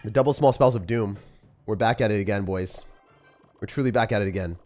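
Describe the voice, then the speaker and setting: A young man streaming a game live, chatting through each play in loose, slangy banter. His voice sits a bit low, and a faint music bed plays under it. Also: brisk. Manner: loose, jokey, slangy banter with sudden shouts. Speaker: gaming streamer. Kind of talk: live gameplay commentary.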